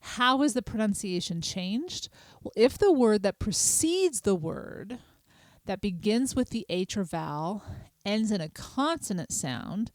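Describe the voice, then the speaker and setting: A middle-aged woman, hosting a podcast and patiently explaining a small language lesson, spelling words out slowly. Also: medium pitch, big pitch swings, no room sound. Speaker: podcast host.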